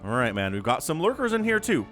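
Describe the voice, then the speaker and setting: A man's voice: fairly high pitch, huge pitch swings, quick pace, a bit bright, faint music behind. A man casting a strategy game match solo, chatty and analytical, often rambling off topic. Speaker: esports caster.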